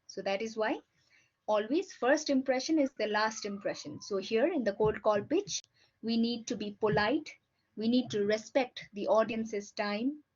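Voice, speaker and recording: A woman teaches in a patient, explaining way and keeps checking in with her listeners. Her voice sits fairly high. The recording sounds dull and lo-fi. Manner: patient, ends points with "right?". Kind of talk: explanatory lecture.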